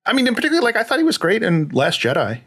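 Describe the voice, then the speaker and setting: A man's voice: high-pitched, wildly swooping pitch, rapid-fire, a bit bright. A man co-hosting a podcast in casual chat, rambling with restarts and trailing asides. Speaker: podcast co-host.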